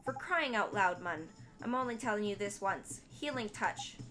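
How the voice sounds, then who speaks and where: A woman's voice: mid-range voice, animated, racing, music in the background, close to an everyday voice. A woman voicing a cheeky, bossy little male fairy companion with folksy slang in a game. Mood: exasperated.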